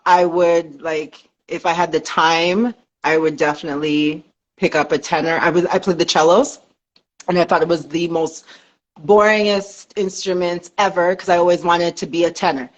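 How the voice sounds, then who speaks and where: A woman's voice: on the low side, moderate pace, low-quality recording. A young woman from Canada, a dancer, chatting casually on a podcast and telling stories with frequent laughs. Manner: chatty, laughs often, animated storytelling. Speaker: guest, dancer and fitness business owner.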